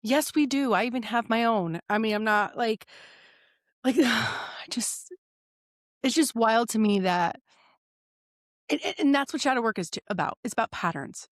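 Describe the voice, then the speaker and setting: Animated, swearing woman host. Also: on the high side, normal speed, long pauses, no room sound, studio quality. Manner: animated, swearing, acts out quoted dialogue. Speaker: host, shadow work coach. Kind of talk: casual podcast chat.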